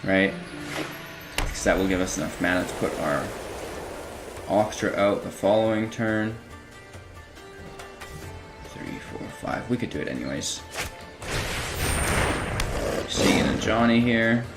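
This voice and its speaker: A man giving relaxed, casual commentary while playing a card game, thinking out loud about his moves. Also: sits low, takes it slowly, long pauses. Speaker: gameplay streamer. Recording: music clearly under the voice.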